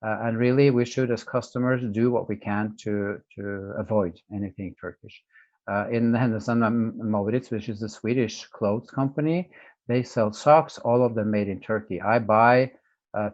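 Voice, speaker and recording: A man's voice: lowish voice, a little mellow, dry recording. A man from Norway, an interview guest telling stories in an earnest, emphatic way, full of fillers and restarts. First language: Norwegian. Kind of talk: conversational storytelling. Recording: dry, dull lo-fi sound.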